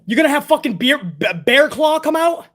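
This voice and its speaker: A man with a notably high-pitched voice rants through a wrestling show review. He swears freely and sounds exasperated and sarcastic as he picks the booking apart. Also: animated, fairly quick, fairly bright tone. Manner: profane, exasperated, sarcastic ranting. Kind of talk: casual ranting review.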